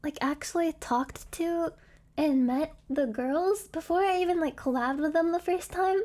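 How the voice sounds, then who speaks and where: Very high-pitched, slow giggly woman streamer. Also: darkish tone. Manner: giggly, rambling, apologetic. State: hiccuping. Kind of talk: casual live stream chat.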